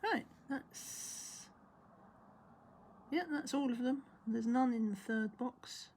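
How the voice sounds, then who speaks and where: A woman's voice: a little high, takes it slowly, a little mellow, slight background noise. A woman chatting casually as she works on a craft, mumbling and half-whispering to herself. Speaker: crafting vlogger. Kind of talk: casual chat while crafting.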